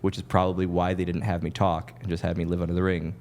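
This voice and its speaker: A man's voice: deep voice, completely flat delivery, fast talker, a little mellow, a little hiss or hum. A man from Wisconsin, a guest telling stories in a casual, self-deprecating way with lots of laughing. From Wisconsin, USA. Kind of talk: casual storytelling.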